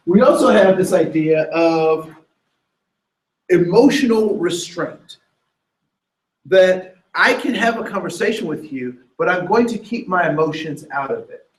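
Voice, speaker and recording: Animated male trainer in echoey room. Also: high voice, measured pace, recorded from a distance. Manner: animated, asks the room questions, acts out quotes. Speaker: diversity trainer. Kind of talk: workshop lecture.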